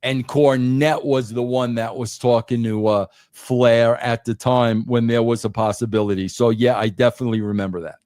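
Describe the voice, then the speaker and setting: A man's voice: medium pitch, level tone, normal speed, hardly any pauses, darkish tone, smooth, dry recording, clean studio sound. An older man in casual podcast chat, talking emphatically and saying "bro" often with many restarts. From New York. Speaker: podcast guest, former wrestling writer.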